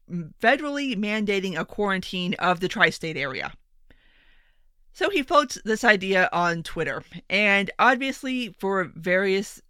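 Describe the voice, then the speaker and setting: A woman's voice: mid-range voice, bright, forceful tone, clear, resonant tone, dry recording. A woman giving exasperated, sarcastic commentary, swearing freely as she rants. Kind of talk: opinionated commentary rant.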